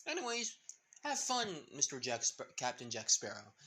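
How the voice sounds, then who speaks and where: A man's voice: mid-range voice, huge pitch swings, moderate pace, pushed and bright, husky, exaggerated voice. A man voicing an eager, polite teenage boy hero in an earnest, friendly way. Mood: cheerful.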